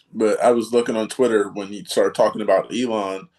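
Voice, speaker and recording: A man's voice: on the low side, a little hiss or hum, low-quality recording. A man joining a podcast chat, hesitant and full of ums. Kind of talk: casual chat.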